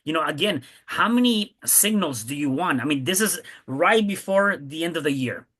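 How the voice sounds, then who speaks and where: A man's voice: on the high side, lively intonation, normal speed, fairly bright tone, breathy edge. A man co-hosting a casual chat, enthusiastic, with stammering restarts. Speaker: co-host.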